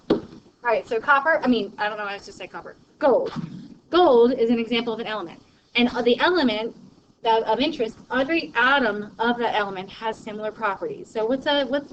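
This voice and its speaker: A woman's voice: on the high side, a little hiss or hum. Chatty woman teacher, lo-fi recording. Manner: chatty, rambling, with fillers and laughs. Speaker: chemistry teacher. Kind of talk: classroom lecture and personal story. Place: classroom. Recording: dull lo-fi classroom recording.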